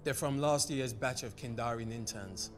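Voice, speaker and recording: A curt, unflappable male lab scientist from a video game, as a man plays him. He talks at a mid pitch in a dry, clipped way. Faint game music sits behind him. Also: moderate pace, lightly acted.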